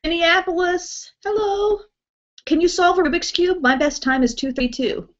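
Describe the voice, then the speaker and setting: On muffled, lo-fi webcam audio, a young woman hosting a beauty live stream at home chats casually in a very high-pitched voice at a moderate pace. She's giggly and talkative, reading out viewer comments and greeting names with bright reactions.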